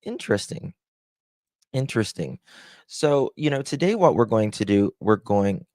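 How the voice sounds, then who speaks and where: A man's voice: mid-range voice, sing-song, slow, pauses often, a little mellow, dry recording, studio quality. A man hosting a true-crime livestream in a casual, chatty way, greeting viewers and reading their comments aloud.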